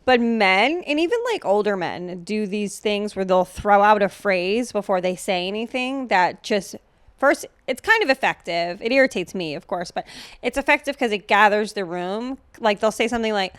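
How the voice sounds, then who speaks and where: A woman's voice: mid-range voice, animated, moderate pace, a bit bright, smooth, no room sound. A woman hosting a podcast in a casual chat, sarcastic and profane, with lots of filler words. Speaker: podcast host.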